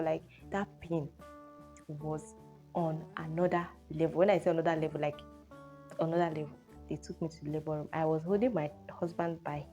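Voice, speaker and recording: A young woman with a Nigerian accent, telling a personal story in a lively vlog style full of exclamations. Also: on the low side. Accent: Nigerian English. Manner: animated storyteller, exclamations like oh and hey. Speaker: vlogger. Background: faint guitar music.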